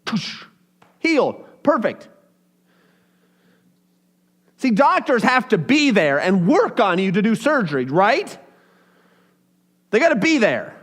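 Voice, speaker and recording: High-voiced man preaching casually. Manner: animated, casual preaching with acted-out quotes. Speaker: pastor. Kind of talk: sermon.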